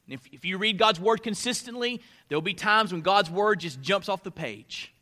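A man preaching a sermon as a pastor, swinging between loud emphatic lines and hushed ones, often repeating words as he starts a phrase. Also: high voice, normal speed.

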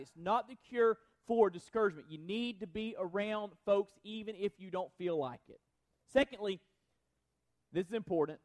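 A man's voice: high-pitched, darkish tone. A man preaching a sermon in an earnest, conversational way, often restarting phrases and asking the congregation if they follow. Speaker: pastor.

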